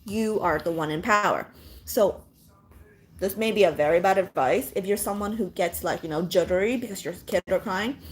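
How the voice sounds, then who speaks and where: A woman's voice: medium pitch, normal speed, a little hiss or hum. A woman speaking as a mother, giving blunt parenting advice in casual chat with viewers and swearing freely.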